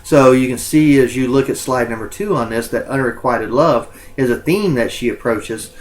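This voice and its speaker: Male college instructor, mid-pitched, loose recorded lecture, frequent ums and uhs, stops to correct himself. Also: normal speed, low-quality recording.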